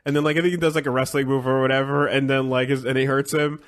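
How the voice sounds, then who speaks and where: A man's voice: mid-range voice, flat delivery, quick pace. A man co-hosting a casual podcast. He is laid-back, swears casually and often chimes in to agree. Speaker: podcast co-host.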